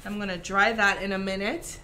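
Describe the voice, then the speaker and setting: Bright-voiced Virgin Islands woman. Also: medium pitch, flat delivery, fairly quick. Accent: Virgin Islands Caribbean. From Saint Croix, US Virgin Islands. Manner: chatty, talks to viewers by name with many fillers. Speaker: craft stream host. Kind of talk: casual chat during a live craft tutorial.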